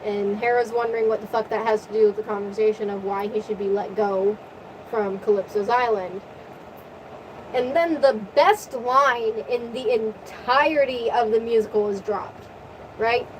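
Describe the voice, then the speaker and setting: A woman retelling a story in a casual, profane, animated rant, her voice tiring from long talking. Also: on the high side, a little hiss or hum, poor audio. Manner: animated, profane, rapid recap. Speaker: vlogger.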